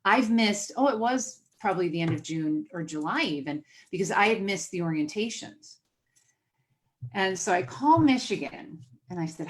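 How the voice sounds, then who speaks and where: A woman hosting a podcast, telling a family story in a casual, animated way, acting out the voices she quotes and laughing often. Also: mid-range voice, moderate pace. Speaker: podcast host.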